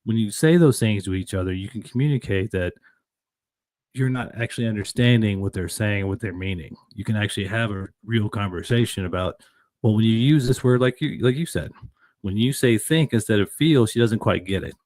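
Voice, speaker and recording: A man co-hosting a podcast, talking casually and retelling stories in an animated way. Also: on the low side, brisk, no room sound. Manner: conversational, animated retelling of stories with acted quotes. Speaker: podcast co-host.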